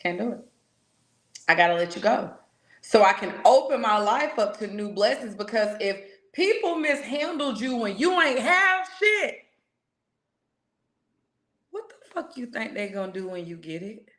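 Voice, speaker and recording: A woman giving a casual spiritual pep talk as a reader, frank and a bit profane, slowing right down to stress key words. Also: fairly high pitch, big pitch swings. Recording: echoey room.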